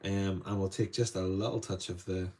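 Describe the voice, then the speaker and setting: A man's voice: low voice, flat delivery, moderate pace, darkish tone. An Irish man teaching watercolour live, chatting to viewers with rambling asides while he paints in a studio. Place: indoor art studio.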